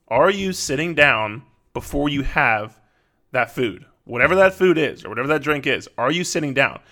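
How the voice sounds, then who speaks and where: Bright-voiced man giving casual advice. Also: on the high side. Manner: conversational, repeats words and restarts, frequent "right?". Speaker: podcast host.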